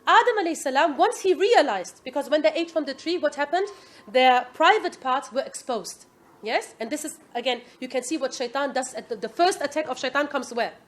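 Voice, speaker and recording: High-voiced woman teaching an Islamic class. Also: a little fast. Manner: asks the class "Yes?" often, lively quoting. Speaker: religious teacher.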